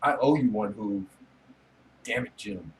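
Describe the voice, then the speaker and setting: A man's voice: lowish voice, a little slow, far from the mic, a little hiss or hum, poor audio. Rambling joking man on a livestream. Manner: rambling, joking, laughs often, swears casually. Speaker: livestream host chatting with viewers. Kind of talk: casual late-night livestream chat.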